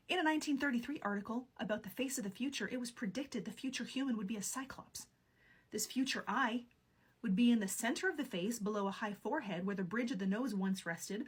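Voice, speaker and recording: Woman host, higher pitch, a bit husky, scripted narration with wry jokey asides. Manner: playful, wry. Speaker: video host.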